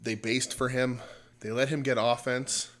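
A man's voice: medium pitch, level tone, unhurried, fairly bright tone. A man co-hosting a podcast, chatting casually about wrestling in a rambling way, full of fillers and restarts. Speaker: podcast co-host.

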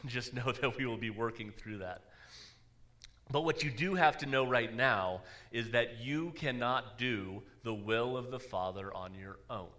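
A man's voice: medium pitch, pushed and bright. A man, a pastor, preaching a sermon in a church in a conversational way, with dry asides.

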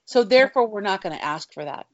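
With lively intonation and a fast delivery, a medium-pitched middle-aged woman shares her faith as a guest author. She comes across as sincere and heartfelt, frequently saying "you know," over a dry, slightly dull recording.

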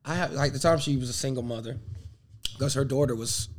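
A man in his thirties telling a story in casual podcast chat, profane and animated, acting out the dialogue he quotes. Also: medium pitch, a little fast, a little hiss or hum. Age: 30s. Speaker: podcast co-host.

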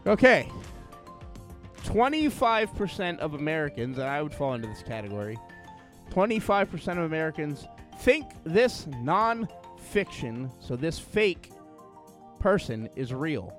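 A man co-hosting a podcast, quick with jokes, whose voice rises and falls a lot. Faint music sits behind him. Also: fairly high pitch, very animated, fairly bright tone. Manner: joking, quick comebacks. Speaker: podcast co-host. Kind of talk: casual chat.

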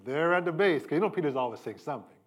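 Preaching a sermon in a somewhat high voice, a middle-aged pastor keeps a conversational tone while his pitch and volume rise and fall for emphasis. He is expressive and talks very fast.

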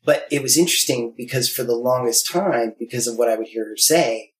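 A man with a medium-pitched, fairly quick voice talks candidly and animatedly, acting out quoted voices as he tells stories in open conversation. The recording has a roomy echo.

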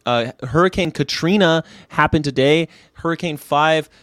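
A man's voice: on the high side, moderate pace, fairly bright tone, no room sound, clean studio sound. Rambling, irreverent man chatting history. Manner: rambling, irreverent, swears casually; rhetorical questions, wry commentary. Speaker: vegan daily show host. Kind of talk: casual history chat.

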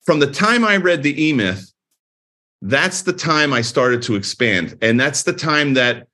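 Bright-voiced man telling lively stories. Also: mid-range voice, measured pace. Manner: energetic storyteller, acts out quoted dialogue. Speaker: chiropractor with many clinics, podcast guest. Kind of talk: casual interview talk.

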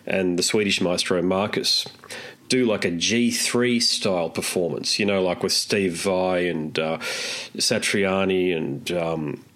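Deep-voiced male interviewer, chatty. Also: a little slow, a bit bright. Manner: friendly, chatty, loses his thread and backtracks. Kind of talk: casual interview questions.

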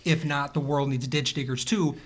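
A man hosting a casual conversation, talking in an animated, rambling way with playful asides. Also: fairly high pitch, normal speed. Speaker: podcast host.

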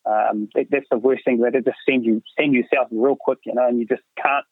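A man's voice: medium pitch, steady tone, brisk, dry recording. A middle-aged man, a hunting guide talking casually as a podcast guest, full of fillers and "mate". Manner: rambling, many fillers, says "mate" often. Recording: tinny phone line, dry.

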